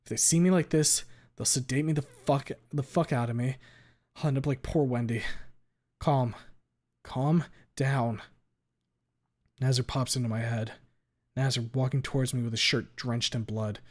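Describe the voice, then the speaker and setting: A man's voice: medium pitch, fairly even intonation, fairly quick, darkish tone. A man reading a visual novel aloud in the first person, dramatic, cursing freely and sometimes stumbling over words.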